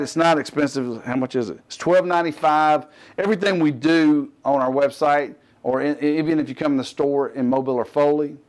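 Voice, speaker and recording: A man's voice: mid-range voice, a little mellow. A middle-aged man with a Southern accent hosting a fitness TV show, talking casually, rambling and cutting himself off with joking asides. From US Gulf Coast. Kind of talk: casual unscripted TV talk.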